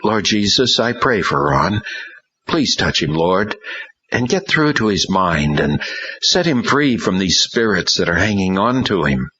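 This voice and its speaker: A man voicing a gentle, earnest preacher who prays over a boy in an audiobook. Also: fairly low pitch, slow pace, slightly rough, lo-fi sound, voice pushed up, heavily acted.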